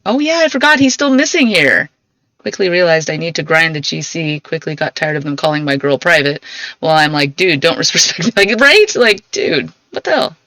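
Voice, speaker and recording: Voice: mid-range voice, lively intonation, normal speed, pushed and bright, no echo, low-quality recording. A streamer in casual let's-play commentary, playful and chatty, reading game lines aloud between remarks.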